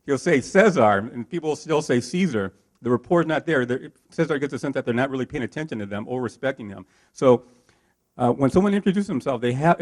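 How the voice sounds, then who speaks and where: A man teaching a live networking workshop and asking his audience questions as he coaches them. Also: medium pitch. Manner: lively, coaching, asks the room questions. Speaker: workshop trainer.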